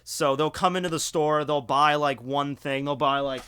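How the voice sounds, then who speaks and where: A man telling a story on his vlog in a rambling, profane, animated way. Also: a little high, moderate pace, smooth.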